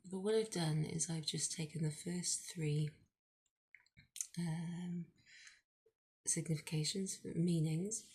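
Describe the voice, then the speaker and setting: A middle-aged woman teaching a language lesson at a whiteboard, explaining slowly with many fillers. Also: low voice, vocal fry, a little hiss or hum.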